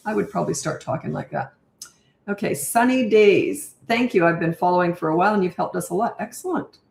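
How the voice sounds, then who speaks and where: Older woman parenting coach, straight-talking Q&A, lowish voice in a roomy echo; live answers to comments. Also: fairly quick, vocal fry, a little mellow. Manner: chatty and direct, reads comments aloud. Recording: echoey room.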